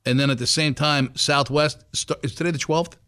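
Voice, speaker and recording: A man's voice: on the high side, fairly even intonation, normal speed, pushed and bright, clean tone. A man hosting a radio show, chatting loosely and jokingly with plenty of fillers, on a studio microphone. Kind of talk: casual morning radio chat.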